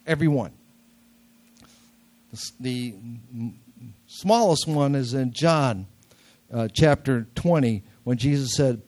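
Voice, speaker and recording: A man's voice: mid-range voice, slow pace, pauses often, a little mellow. An older man with a nasal voice preaching a sermon in a church, talking casually with jokes and repeating key words for emphasis. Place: church sanctuary.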